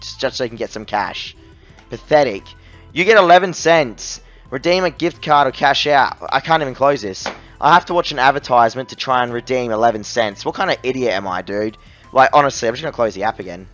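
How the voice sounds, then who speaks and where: An exasperated man rants through an app review, his voice full of scorn and frustration. He sits at an ordinary middle pitch, and the recording is a bit dull and lo-fi. Faint music plays underneath. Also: fairly bright tone. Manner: angry, exasperated, scornful ranting.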